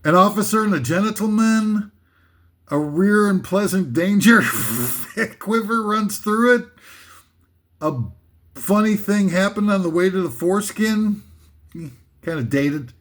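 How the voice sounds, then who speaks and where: An older man reading a comic list in a rambling, deadpan monologue, with many fillers and restarts. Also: high voice, takes it slowly. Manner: reads titles flatly, laughs at his own jokes, many fillers and restarts.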